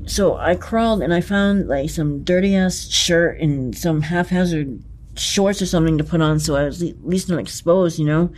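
A man recounting a personal ordeal in conversation, talking in an intense, profane and halting way, with many restarts and emphatic repetitions. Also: on the high side, darkish tone, a little hiss or hum. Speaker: interviewee.

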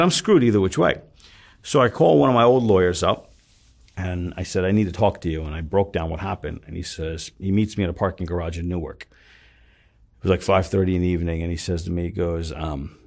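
Gravelly low-voiced man telling his story. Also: a little mellow. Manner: retells scenes with quoted dialogue, swears freely; intense, emphatic when upset. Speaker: guest. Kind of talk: storytelling in an interview.

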